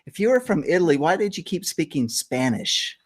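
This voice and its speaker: A man's voice: a little high, very animated, brisk. A middle-aged man hosting a casual morning show, rambling and joking, often laughing. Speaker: host.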